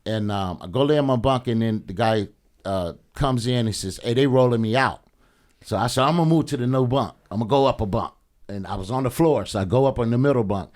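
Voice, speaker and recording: Middle-aged guy on a podcast, animated and swearing a lot, does the voices of people in his story. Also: mid-range voice, fast talker. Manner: animated, profane, acts out quoted voices. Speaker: podcast guest, actor. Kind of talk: casual storytelling.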